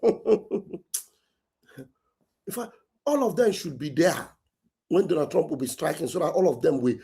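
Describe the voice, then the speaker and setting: A man with a Nigerian accent hosting a casual livestream, animated and often repeating himself. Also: a little high, a little slow, gravelly. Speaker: livestream host.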